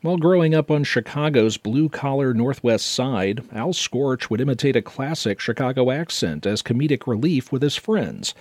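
A man news anchor reading a scripted intro in a steady, even way. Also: medium pitch, normal speed, few pauses, no room sound, studio quality.

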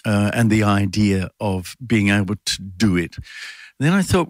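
A man's voice: on the low side, lively intonation, measured pace, no echo, clean studio sound. A middle-aged man, a guest performer, talking thoughtfully in a radio interview with many fillers and restarts. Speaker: guest performer and adapter of a classic poem.

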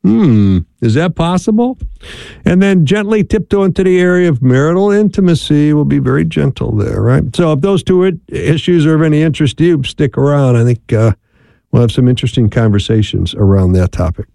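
A man's voice: fairly high pitch, a little fast, vocal fry, dark tone, no room sound. A middle-aged man hosting a call-in radio show, chatting in a folksy way and laughing easily. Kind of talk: casual call-in radio talk.

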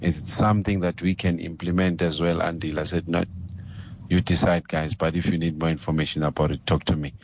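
South african guy, super deep flat voice, muffled lo-fi voice note with noise. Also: a little fast. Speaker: caller.

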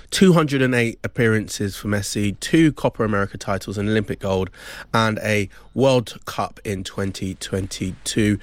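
Sports bulletin reader: man, low voice, dry studio sound, brisk delivery. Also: no echo. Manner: brisk with frequent ums. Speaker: sports presenter. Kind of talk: news bulletin reading.

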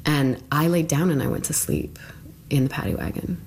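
A woman's voice: deep voice, big pitch swings, normal speed, vocal fry, slight background noise. A woman being interviewed, telling her story in a casual, conversational way with lots of filler words. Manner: conversational, with frequent "like" fillers and quiet asides.

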